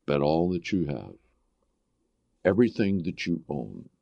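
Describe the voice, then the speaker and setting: A man's voice: a bass voice, sing-song, unhurried, gravelly, dark tone, dry recording, voice pushed down, exaggerated voice. A man voicing a tempting male spirit that coaxes a gambler on. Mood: coaxing. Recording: dull lo-fi recording.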